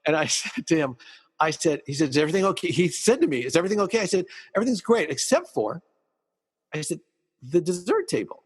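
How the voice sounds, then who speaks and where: Husky male podcast host, animated storyteller, slightly raised pitch, reverberant room. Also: fast talker. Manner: animated storyteller acting out dialogue. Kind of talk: casual storytelling chat.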